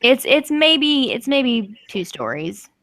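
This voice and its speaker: Slow-narrating woman game master. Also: sits high, very animated, a bit bright, dry recording.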